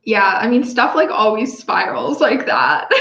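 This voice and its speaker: A woman's voice: fairly high pitch, very animated, slow, bright, forceful tone, a little hiss or hum. A woman joining a livestream as guest on a video call, giving laid-back, brief replies in casual chat. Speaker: guest co-host. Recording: dull roomy call audio.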